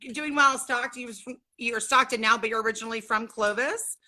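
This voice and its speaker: A woman's voice: on the high side, fairly even intonation, fairly quick, noisy background. A chatty, bubbly middle-aged woman from Southern California, hosting a casual livestream from home and greeting viewers by name. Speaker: livestream host.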